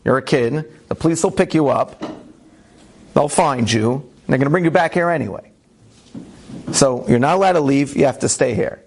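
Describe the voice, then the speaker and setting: A man's voice: medium pitch, normal speed, creaky, long pauses, a little mellow, slight background noise, natural voice. A man voicing a stern adult male camp official who firmly lays down the rules. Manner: firm, laying down the rules.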